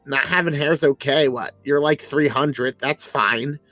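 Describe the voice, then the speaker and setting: A man's voice: a little high, unhurried, bright, forceful tone, no room sound, soft background music. A man playing a tabletop game, talking bluntly and teasingly in character. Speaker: player.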